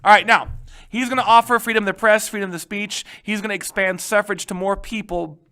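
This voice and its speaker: A male history teacher giving a casual video lecture, chatty and animated, with slangy asides. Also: high-pitched, fairly quick, clean tone.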